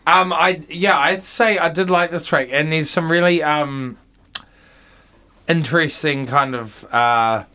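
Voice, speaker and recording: A man's voice: fairly high pitch, a little slow, bright, forceful tone, smooth. A man hosting a casual radio interview, hesitant, with frequent ums and restarts. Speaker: radio host.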